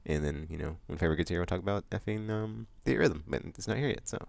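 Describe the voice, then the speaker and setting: A man hosting his monthly vlog, chatting loosely with lots of fillers, restarts and bursts of excitement. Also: low-pitched, quick pace, vocal fry, no room sound. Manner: excitable outbursts about upcoming games. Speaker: vlog host. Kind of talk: casual rambling monthly vlog chat.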